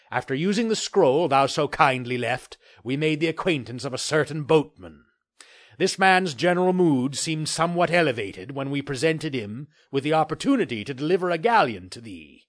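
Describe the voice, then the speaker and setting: A man's voice: a little high, lively intonation, normal speed, dry recording, studio quality, lightly acted. A man reading a pirate captain's letter in grand, archaic, flowery language. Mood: grandiose. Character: swaggering, old-fashioned male pirate captain.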